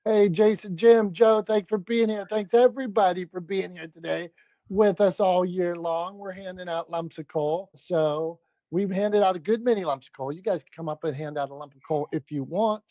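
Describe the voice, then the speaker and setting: A man with a high voice co-hosts a podcast, steering the chat upbeat and quick with little asides. His sound is dry and close with a dull, lo-fi edge. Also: no echo. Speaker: podcast co-host. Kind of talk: casual comedic chat.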